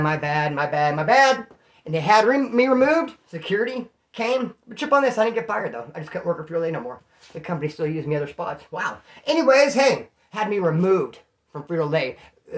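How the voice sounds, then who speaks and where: A man from California spins a story in casual, slangy talk. He moves at a rapid clip in a somewhat high voice. He keeps jumping into animated impressions of what people said. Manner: animated, slangy, acts out quotes.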